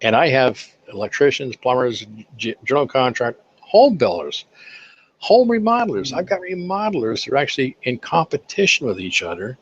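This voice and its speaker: A man's voice: mid-range voice, normal speed, breathy edge. Folksy older man telling business stories. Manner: folksy, animated anecdotes with acted-out quotes. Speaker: guest, accounting firm owner for contractors. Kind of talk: casual interview storytelling. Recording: slightly dull lo-fi sound.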